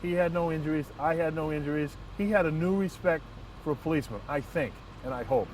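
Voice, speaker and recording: A man, a transit police lieutenant, telling a work anecdote in an earnest, measured way with frequent restarts. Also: on the high side, darkish tone. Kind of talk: first-person anecdote and reflection. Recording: distant mic, faint outdoor traffic noise.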